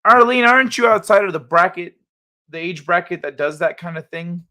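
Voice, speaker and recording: A man hosting a live stream, chatting casually and reading viewer comments in a jokey, animated way, laughing often. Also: sits high, fairly quick.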